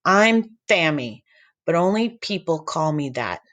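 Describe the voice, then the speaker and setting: A man's voice: on the high side, sing-song, a little slow, fairly bright tone. A man voicing an odd, cheeky boy camper who talks with a lisp. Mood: goofy.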